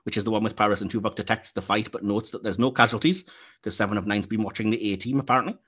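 A man's voice: lowish voice, racing, a bit bright, husky. A man hosting a podcast in casual chat, joking and nitpicking, laughing often. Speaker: podcast host.

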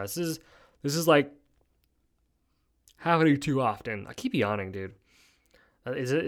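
A man hosting a solo podcast, chatting casually through odd news stories. His speech is laid-back and wisecracking, with "dude" dropped into nearly every thought, and his pitch sits right in the middle of the range. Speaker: podcast host.

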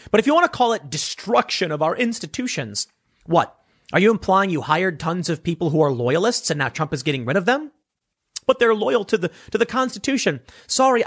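A man's voice: on the high side, fairly bright tone, husky. A man giving blunt, sarcastic political commentary, reading news clippings aloud and often correcting himself mid-sentence.

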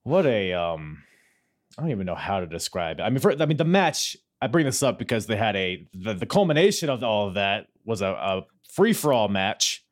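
A man hosting a podcast, chatting casually and joking in a rambling way. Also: a little fast. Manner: joking, rambling, lively pitch. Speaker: podcast host.

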